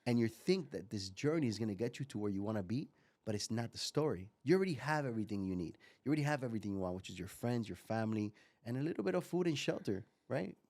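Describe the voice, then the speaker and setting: A man in his forties from Miami, a guest entrepreneur telling lively stories and often repeating words. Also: mid-range voice, fast talker. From Miami, USA. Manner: animated storyteller, repeats words as he goes. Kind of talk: casual interview talk.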